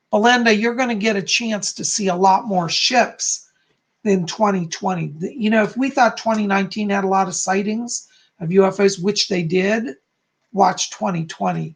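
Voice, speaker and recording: A man's voice: high-pitched, creaky. A man hosting a live-stream psychic reading, answering viewers in a chatty, reassuring way and often ending points with "okay?". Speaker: psychic host.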